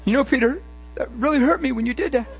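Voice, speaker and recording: A man voicing Jesus as a hurt, gentle friend who speaks tenderly to a disciple. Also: extremely high pitch, fast, vocal fry, slightly rough, dull audio, exaggerated voice.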